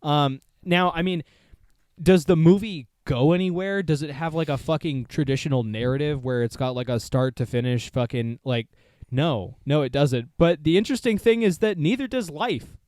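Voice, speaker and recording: A man with a slightly higher voice, recorded close and dry on a podcast mic. He talks casually and freely, swearing often and laughing easily. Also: normal speed, darkish tone, no room sound. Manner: loose, profane, laughs often. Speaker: podcast co-host. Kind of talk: casual chat.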